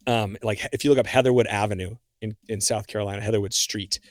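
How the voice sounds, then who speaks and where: A young man, a guest on a podcast, telling a story in a casual, animated way. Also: on the low side, fast, dry recording, studio quality. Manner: animated, acts out his own reactions.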